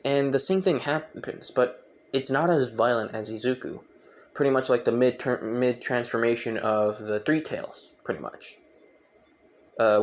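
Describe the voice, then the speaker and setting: A young man narrates a fan-made story on the fly, middling in pitch. He rambles, restarts sentences, and speaks straight to his viewers. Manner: rambling, many fillers and restarts.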